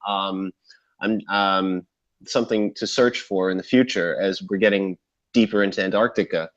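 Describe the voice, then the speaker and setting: A man's voice: on the low side, fairly bright tone, lo-fi sound. A male guest on a video call who speaks hesitantly, with many fillers. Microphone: video call camera.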